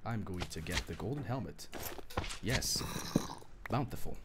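A young man giving excitable, swearing commentary while streaming a game live, repeating himself when things go wrong. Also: deep voice, unhurried, heavy background noise.

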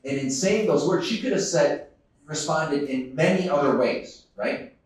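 A man's voice: on the high side, lively intonation, a little slow. Man telling a story in an echoey hall. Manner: storytelling, earnest, with frequent laughs and restarts. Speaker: conference speaker. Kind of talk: conference talk to a live audience. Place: large conference hall. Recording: echoey hall, distant microphone.

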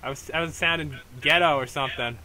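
Young male let's play host, bright and a bit high, rambling with fillers, faint noise behind. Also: quick pace. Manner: rambling, hesitant, many fillers and restarts. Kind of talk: casual gameplay commentary.

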